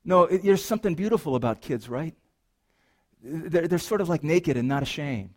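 A middle-aged man as a pastor, preaching a sermon in a church, moving between lively storytelling and hushed, earnest reflection. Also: a little high, normal speed. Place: church sanctuary.

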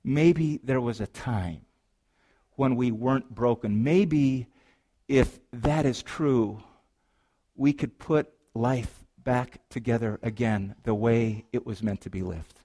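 Preaching from a church sanctuary, this middle-aged pastor takes things slowly in a mid-range voice. His sermon moves from animated storytelling into hushed, earnest moments of reflection.

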